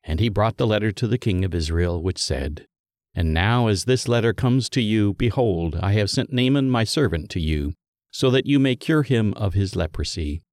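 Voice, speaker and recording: A man with a fairly low voice reads scripture aloud in a measured, solemn way. He lifts his delivery for quoted speech, and the sound is close and dry with no room echo. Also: expressive, a little mellow. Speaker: scripture reader. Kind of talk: scripted liturgical Bible reading.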